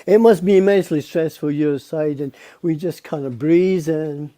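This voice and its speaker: A man's voice: on the high side, normal speed, mellow, no room sound. A Scottish man, a guest poet, chatting on a video call. He chuckles often and repeats words as he thinks. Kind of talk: casual chat on a live stream.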